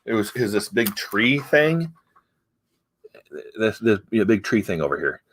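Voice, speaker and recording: Man, middle-aged, fairly low voice, casual comic chat, rambling, hesitant, frank. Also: big pitch swings, a little slow, fairly bright tone, slight background noise. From United States. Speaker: comic review host.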